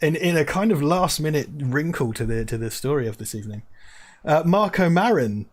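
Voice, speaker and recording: A man's voice: medium pitch, expressive, brisk. A man co-hosting a casual live stream, joking and rambling, often stumbling over restarts, on a lavalier mic. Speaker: co-host of a movie watch-party stream. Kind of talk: casual live-stream chat with mock announcements.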